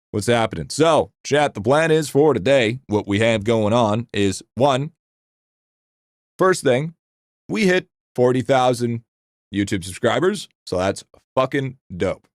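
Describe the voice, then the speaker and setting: A man's voice: fairly low pitch, dry recording, studio quality. Rambling, foul-mouthed male game streamer. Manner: rambling, profane, excitable. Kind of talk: casual live-stream chat.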